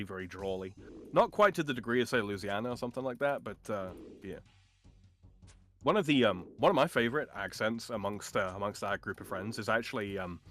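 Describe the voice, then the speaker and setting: A man's voice: lowish voice, bright, forceful tone. A man chatting casually on a game stream, thoughtful and full of fillers and restarts. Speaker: co-host.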